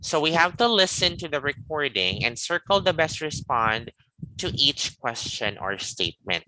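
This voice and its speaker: Guy teaching english online, bright voice, bouncy pitch, patient, says stuff slow. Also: big pitch swings, no room sound, poor audio. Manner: patient, repeats model phrases slowly. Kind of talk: live online pronunciation lesson.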